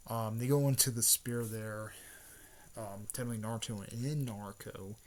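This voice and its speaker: A man casually retelling a story, rambling with lots of fillers and frequent throat clearing. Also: on the low side, steady tone, moderate pace, a little hiss or hum.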